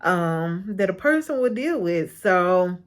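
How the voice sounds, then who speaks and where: A woman's voice: lowish voice, animated, slow. A woman hosting a casual recap of a reality show, frank and chatty, often breaking into laughter.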